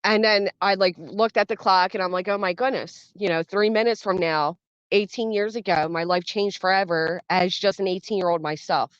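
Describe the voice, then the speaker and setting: A woman's voice: medium pitch, fairly even intonation, moderate pace, clear, resonant tone, no echo. A woman in her thirties hosting a casual livestream, chatting and greeting viewers by name as she reads the chat. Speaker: livestream host. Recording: dull dry sound.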